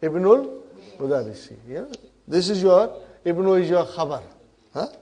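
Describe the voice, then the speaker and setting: A man teaching an Arabic grammar class, coaxing students through exercises, repeating their answers and teasing them gently. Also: high-pitched, expressive, fairly quick. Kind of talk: classroom lesson.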